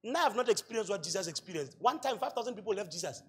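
A male pastor with a Botswana accent preaching a sermon, asking rhetorical questions and building to loud shouts. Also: sits high, animated, fast, slight background noise. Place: church hall.

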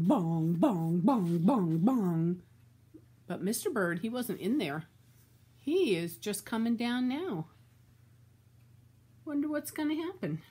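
An older woman reading a children's storybook aloud, slow and expressive, chatting about the story as she goes. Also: mid-range voice, breathy edge.

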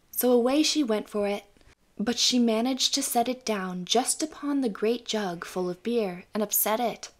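Calm woman reading a bedtime story. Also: fairly high pitch, moderate pace. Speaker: audiobook narrator. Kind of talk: scripted bedtime story narration.

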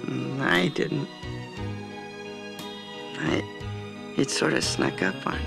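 An eager young songwriter husband, stammering and repeating words as he coaxes. His voice has a gravelly, creaky edge. The scene is from a TV movie. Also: medium pitch, sing-song, takes it slowly, over music, exaggerated voice. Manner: stammering, coaxing. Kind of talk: TV movie acting.

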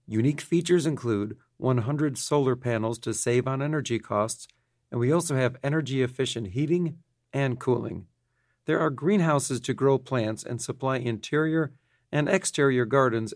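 A man formally reads an update for donors in a measured, even tone. His voice sits at a middle pitch. The recording is dry and close. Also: no echo. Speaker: mission president. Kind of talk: read donor appeal.

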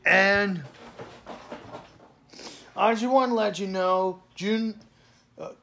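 A sleepy man with a fairly high, gravelly voice talks very slowly through a casual channel announcement. He yawns, stumbles over fillers, and lets his sentences fade off quietly. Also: a little hiss or hum. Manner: slow, halting, with frequent fillers and trailing off quietly. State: sleepy, yawning. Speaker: channel host.

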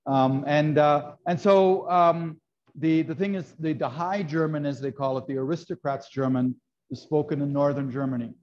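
A man's voice: a little high, moderate pace, darkish tone. A man teaching a live baking class, explaining in a chatty way with many fillers and "right?" checks. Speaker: baking instructor. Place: kitchen classroom. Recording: dull lo-fi video call audio.

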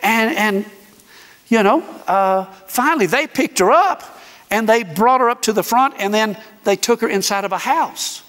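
A man preaching as a guest speaker, telling a story in an animated way and acting out the dialogue. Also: high voice. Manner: animated, acts out dialogue, dramatic pauses. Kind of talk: sermon storytelling. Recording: echoey hall reverb.

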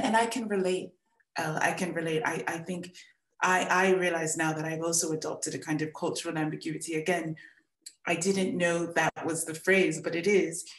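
A woman teaching a storytelling workshop, giving gentle, encouraging feedback and often repeating her words. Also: on the low side, roomy sound. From born in England, raised in the United States.

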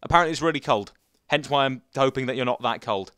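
A man's voice: mid-range voice, quick pace, a bit bright, smooth. A young man giving chatty, rambling commentary while playing a survival game, talking to the viewers and to the animals. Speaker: gaming YouTuber.

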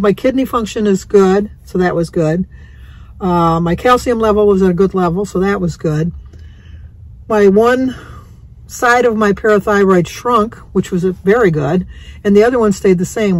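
A woman's voice: medium pitch, a little mellow, poor audio. A chatty woman rambles through her day from behind the wheel of her car, laughing often and tripping over long words. She talks into a phone camera and lets her thoughts wander in an easygoing way. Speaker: vlogger. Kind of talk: casual chatty vlog. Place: in a car while driving.

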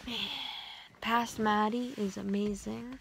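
A woman's voice: mid-range voice, steady tone, slow pace, gravelly. A young woman rambling casually at home, joking at her own expense, with lots of fillers. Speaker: vlogger. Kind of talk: casual chat. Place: at home indoors. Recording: noisy home recording.

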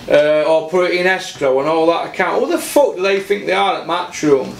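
A man's voice: high-pitched, big pitch swings, fairly quick, creaky, few pauses, echoey room. Blunt, sweary South Yorkshire man. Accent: South Yorkshire English. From Doncaster, South Yorkshire, England. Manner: blunt, heavy swearing, repeats himself for emphasis. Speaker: boxing channel host. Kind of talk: solo boxing opinion rant.

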